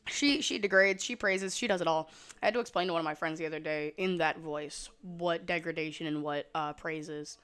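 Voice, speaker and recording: A young adult woman streaming from her computer, chatting casually, swearing freely and jumping between loud outbursts and low mumbles. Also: a little fast, clean tone. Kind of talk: casual rambling stream chat. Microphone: desk mic at a computer.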